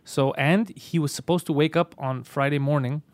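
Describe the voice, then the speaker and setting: A man hosting a podcast, telling an animated, profane story in casual chat. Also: fairly high pitch, normal speed, dry recording. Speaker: podcast host.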